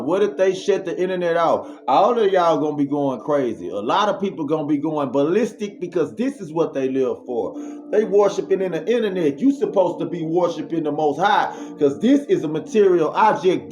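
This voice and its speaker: A male vlogger with a voice on the high side tells a story in an animated, slangy style before shifting into preaching. He makes his own sound effects, and music plays in the background.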